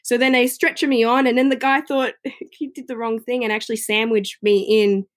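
A woman's voice: a little high, fairly even intonation, moderate pace. Chatty woman telling her story. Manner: chatty, frequent "you know" fillers. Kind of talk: casual personal storytelling.

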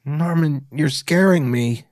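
A man voicing a teary, manipulative young woman who pleads in a raised, breathy voice. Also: on the high side, slow, a little mellow, pitched above the performer's own voice. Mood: scared pleading.

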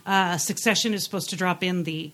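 A woman chatting on a podcast about shows and films. Her talk is wry and salty, and she pauses on fillers mid-thought. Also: on the low side, fairly bright tone. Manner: wry, profane, trails off with fillers. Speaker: podcast co-host. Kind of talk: casual pop-culture chat.

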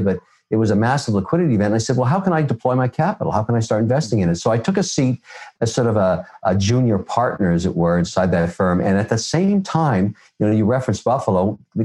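Canadian man, interview guest, blunt storyteller with a lively pitch. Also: a little fast. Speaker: guest investor.

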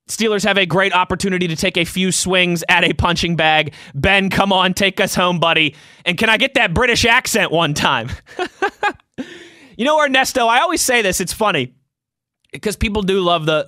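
A man's voice: sits high, moderate pace, sharp tone, no room sound, clean studio sound. A young man hosting a sports talk show, chatting loosely and reading out listener tweets, laughing easily. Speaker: sports podcast host.

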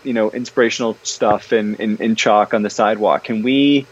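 A man guesting in a casual interview conversation, talking about his books in an animated, chatty way, full of fillers and restarts. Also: lowish voice, moderate pace, slightly rough, lo-fi sound. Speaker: guest, parenting author.

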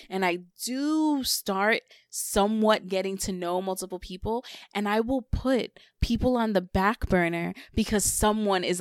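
A young woman with a medium-pitched voice chats on a podcast, probably as a co-host or guest, in clean studio sound with no echo. Her talk is candid and confessional, and she repeats words for emphasis in this casual podcast chat.

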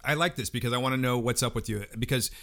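A man of middle pitch talks quickly in a relaxed, joking way. He chats casually about a film with a friend. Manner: fast-talking, laid-back and joking. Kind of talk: casual movie chat.

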